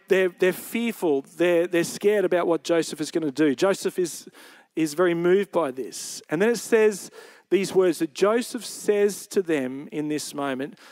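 A male pastor delivers a Sunday sermon, his voice sitting noticeably high. He tells the scripture story in plain, conversational words, as if walking his congregation through the scene. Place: church service.

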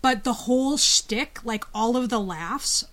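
A woman's voice: a little high, unhurried, a bit bright. A woman co-hosting a podcast, frank and opinionated as she tells stories casually. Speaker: podcast co-host; teacher. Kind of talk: casual discussion.

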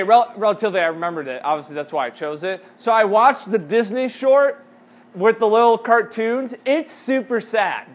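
A man as youth pastor, giving a casual sermon and asking the audience questions. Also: high-pitched.

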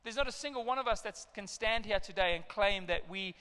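A middle-aged man preaching a sermon in a large church hall, telling the story with animated, acted-out outbursts. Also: sits high, a little fast, clean tone. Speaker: pastor. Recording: long hall reverb.

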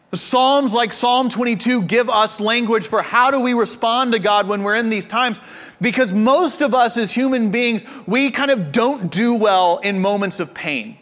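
A man preaching a sermon as a pastor, impassioned at times and at other times dropping to quiet intensity. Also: sits high, measured pace. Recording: reverberant hall.

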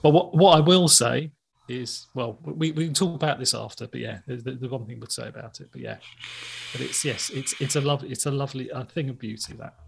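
A man's voice: mid-range voice, brisk, creaky, a little hiss or hum. A man co-hosting a casual podcast, teasing the others and stumbling over his words. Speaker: podcast co-host.

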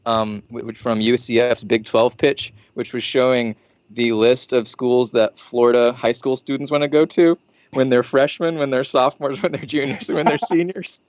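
A man's voice: medium pitch, fairly even intonation, moderate pace, no echo, highs cut off. A man co-hosting a casual podcast, rambling through jokes with lots of fillers. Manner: rambling, joking, many fillers. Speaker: podcast co-host. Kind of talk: casual chat.

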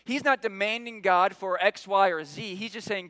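An earnest man delivers a sermon in a bright, forward voice. He leans on repeated phrases and lifts his voice for prayers. The sound is dry and close. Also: high voice, moderate pace, hardly any pauses, no room sound, rough recording. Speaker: pastor.

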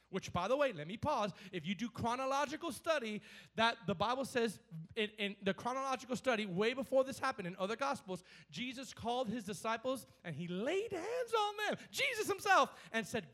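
A man preaching a sermon in a church, energetic and animated, repeating words and acting out scripture quotes. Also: high-pitched, fairly quick. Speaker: pastor.

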